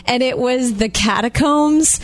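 A woman's voice: mid-range voice, a little slow. A woman co-hosting a casual talk show, telling stories in a chatty way and laughing easily. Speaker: radio co-host. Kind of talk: casual chat.

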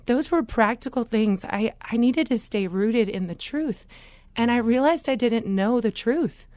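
A woman, a podcast guest, telling her faith story in an earnest, animated way with quick asides. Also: a little high, dry recording. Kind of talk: faith interview conversation.

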